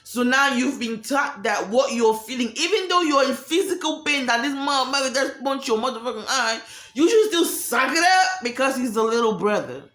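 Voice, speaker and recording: A woman's voice: sits high, expressive, normal speed, hardly any pauses, a bit bright. Woman venting real talk, curses a lot, does little voices, echoey room. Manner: blunt, profane, acts out quoted voices. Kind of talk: candid monologue on emotions.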